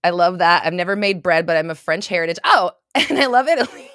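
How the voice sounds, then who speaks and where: A woman hosting a casual livestream and doing intuitive readings for her chat, rambling, swearing freely and breaking into loud laughter. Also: lowish voice, animated, fairly quick, few pauses, no room sound, clean studio sound.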